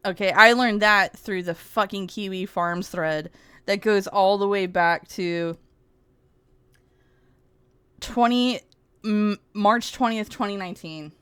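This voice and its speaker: A woman's voice: medium pitch, slow pace, pauses often, fairly bright tone, smooth, no echo. A woman streamer in casual, sarcastic livestream commentary, rambling and giggling often.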